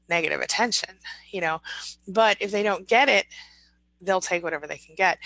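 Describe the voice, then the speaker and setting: A woman's voice: medium pitch, vocal fry, bright, forceful tone, no echo, poor audio. A woman hosting a casual livestream, reading viewer comments aloud and answering them in a chatty, encouraging way. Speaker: livestream host reading chat.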